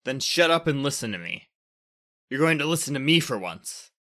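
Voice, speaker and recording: A man's voice: medium pitch, very animated, normal speed, bright, forceful tone, pitched above the performer's own voice. Storybook role: a brash, insistent male ice giant, put on by a man narrator. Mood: defiant. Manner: defiant, insistent. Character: defiant male ice-giant planet, bold rebel.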